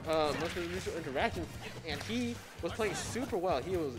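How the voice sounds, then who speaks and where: A young man co-commentates a game tournament in a fairly high voice that swings up and down a lot. He talks fast and jokes around with his partner while clear music plays behind them. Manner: quick, lively, joking banter. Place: gaming tournament at a sports center.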